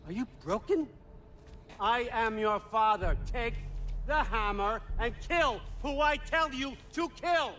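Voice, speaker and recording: A man's voice: very high voice, lively intonation, slow, a bit bright, full character voice. An actor playing a domineering old god who scolds his son with harsh contempt, in a video game. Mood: contemptuous.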